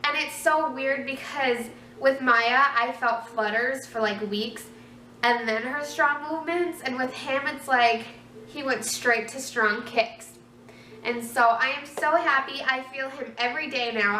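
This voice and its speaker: A young woman in her twenties talks through a casual vlog, rambling and chatty with plenty of fillers. Her voice sits high and sounds bright. The room is echoey, with faint ambient noise, and she is a little away from the mic. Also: a little slow, far from the mic. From Minnesota, USA. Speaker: vlogger. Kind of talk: casual pregnancy update vlog.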